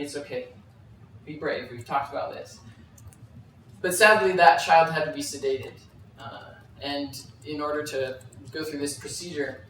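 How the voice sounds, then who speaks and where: A man presents on stage, telling a story and working through his points with frequent fillers and restarts. His voice sits fairly high. The hall is heavily echoey and he sounds distant from the mic, with faint room noise underneath. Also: a bit bright. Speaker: conference speaker. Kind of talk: live presentation.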